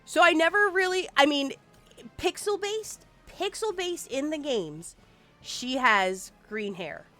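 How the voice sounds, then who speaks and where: Woman game streamer, 40s, lively casual chat over faint background music. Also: high-pitched, slow. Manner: chatty, animated, swears casually.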